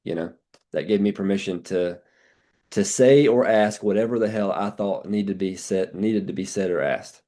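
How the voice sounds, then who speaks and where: Folksy man, low mellow voice. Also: moderate pace. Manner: folksy, blunt, with many restarts and quoted dialogue. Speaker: insurance sales agent sharing a story on a team call. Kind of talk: casual storytelling on a team call.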